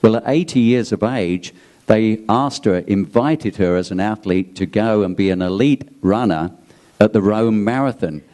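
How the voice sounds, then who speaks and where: A man's voice: fairly low pitch, moderate pace, mellow. A man interviewing a guest, telling anecdotes and praising people in a conversational way.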